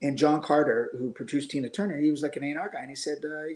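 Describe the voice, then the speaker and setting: A man's voice: a little high, fairly even intonation, quick pace, hardly any pauses, darkish tone, roomy sound. A middle-aged man in casual chat, telling blunt stories, swearing freely and acting out the voices of people he quotes. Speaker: guest musician.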